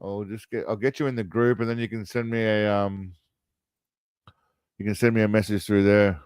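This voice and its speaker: A man's voice: fairly low pitch, little pitch movement, normal speed, a little mellow, clean tone, no room sound. A man hosting a stream, casually reacting to a film trailer in a mocking, rambling way. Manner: mocking, rambling, laughs at his own jokes.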